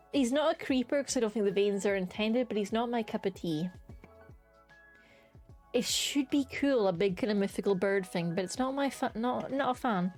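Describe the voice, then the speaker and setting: With a high-leaning, darkish voice, a chatty young streamer ranks creatures in casual live commentary, full of enthusiasm and offhand swearing. She has the hiccups throughout.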